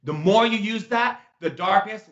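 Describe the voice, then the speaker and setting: A man's voice: high voice, moderate pace, a bit bright. A man teaching a spiritual self-help talk, emphatic and repetitive with playful asides. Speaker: shaman teacher. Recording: echoey room, dull lo-fi sound.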